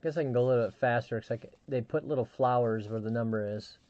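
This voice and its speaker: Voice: medium pitch, quick pace, a little mellow, no echo, muffled recording. A live stream host chatting casually, telling a rambling story with frequent restarts and fillers.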